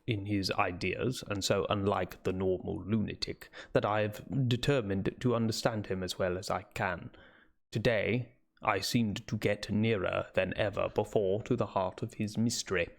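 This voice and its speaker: Guy playing a brooding victorian doctor, slow and clinical, lowish gravelly voice. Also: close to an everyday voice.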